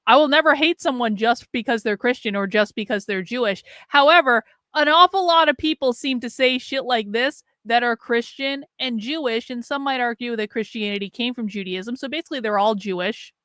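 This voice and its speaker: A woman's voice: a little high, brisk, few pauses, fairly bright tone, no room sound, clean studio sound. Blunt, sarcastic woman hosting a livestream. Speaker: livestream host. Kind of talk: livestream commentary.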